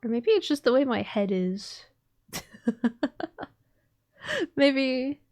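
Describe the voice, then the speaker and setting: A woman's voice: high-pitched, takes it slowly, darkish tone, dry recording, clean studio sound. A woman streaming a game, chatting playfully and rambling as she plays. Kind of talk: casual gameplay chat.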